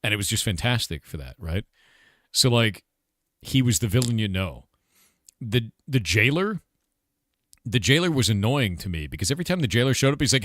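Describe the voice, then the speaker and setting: A man's voice: fairly low pitch, big pitch swings, normal speed, pauses often, a bit bright, dry recording, studio quality. A man who is a game developer, chatting casually on a livestream Q&A, blunt and profane, with lots of filler words.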